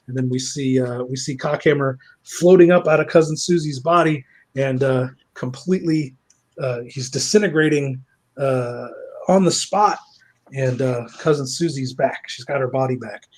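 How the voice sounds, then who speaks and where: A man's voice: mid-range voice, moderate pace. A man casually retelling a plot as a reviewer, rambling and swearing with many fillers. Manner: rambling, profane, lots of fillers.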